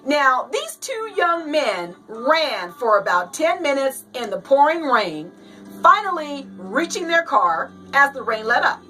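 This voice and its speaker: A woman's voice: high-pitched, big pitch swings, measured pace, sharp tone, far from the mic, soft background music, low-quality recording. A woman hosting a casual show, chatting and reading a joke aloud, laughing often and acting out the voices as she reads. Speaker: host.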